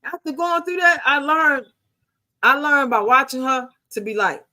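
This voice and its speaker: High-pitched, pushed and bright, this woman's voice moves at a moderate pace as she tells stories in casual chat. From the United States and in her fifties, she's blunt, emphatic and heavily profane.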